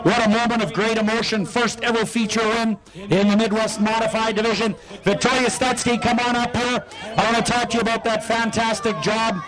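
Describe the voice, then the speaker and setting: A man interviewing a race winner at the track, loud and hyping up the crowd. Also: high-pitched, steady tone, brisk, low-quality recording.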